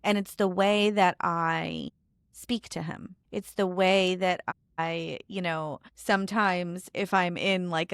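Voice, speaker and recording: A woman in her thirties hosts a podcast interview in a loose, chatty manner, with plenty of "you know" and "like". Her voice has a gravelly, fry-tinged texture, and it sounds dry and close. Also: fairly low pitch, fairly bright tone, no echo. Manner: chatty, with many fillers. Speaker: podcast host. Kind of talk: casual conversational interview.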